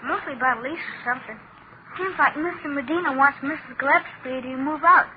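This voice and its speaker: A man's voice: very high voice, a little fast. An actor voicing an earnest seven-year-old boy witness in an old radio crime drama. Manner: earnest, insistent child's talk. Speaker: child witness. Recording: tinny old radio broadcast with hiss.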